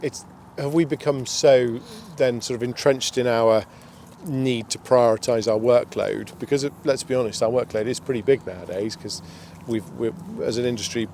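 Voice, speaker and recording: A man's voice: mid-range voice, fairly even intonation, normal speed, vocal fry, few pauses, darkish tone. A man hosting an outdoor interview, asking long, musing questions with chatty asides. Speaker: podcast host. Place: outdoors by a towpath with passing traffic. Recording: outdoor recording with faint street noise.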